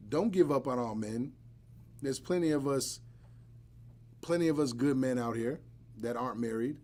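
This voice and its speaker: A man hosting a live podcast, chatting casually and bluntly with joking asides. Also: mid-range voice. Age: adult, married. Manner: blunt, joking, animated storytelling. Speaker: podcast host.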